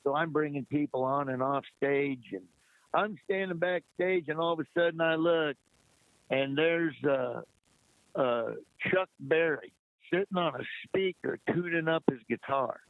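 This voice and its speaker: A man's voice: fairly high pitch, a little slow, no room sound. A man guest on an interview show, animatedly telling backstage anecdotes and acting out what people said. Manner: lively anecdote teller who acts out quotes. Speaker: guest comedian. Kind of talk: casual interview storytelling. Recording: dry, tinny phone-like line.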